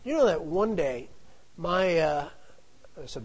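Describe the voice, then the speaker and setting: A man's voice: fairly high pitch, very animated, normal speed, breathy edge, rough recording. A middle-aged man telling a family anecdote in a casual, rambling way, full of asides. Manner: rambling, digressive, with frequent asides. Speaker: storyteller.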